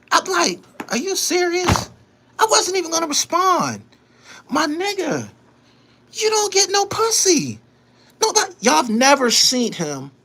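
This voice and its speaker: A man's voice: high-pitched, sharp tone, breathy edge. A man hosting his own show, delivering a heated, boastful, profane monologue and repeating himself for emphasis. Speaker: show host. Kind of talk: angry monologue to camera.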